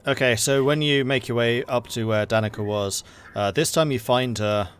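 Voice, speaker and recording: A man's voice: medium pitch, normal speed, smooth. A man narrating a tabletop role-playing game as game master, in a loose, conversational way with frequent fillers.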